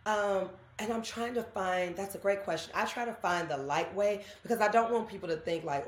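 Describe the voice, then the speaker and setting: A woman, a guest telling animated stories in an interview and acting out what people said. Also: fairly low pitch, fairly quick, hardly any pauses, a little hiss or hum. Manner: animated storytelling, acts out quotes. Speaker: guest, actress. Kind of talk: candid interview conversation. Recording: roomy echo.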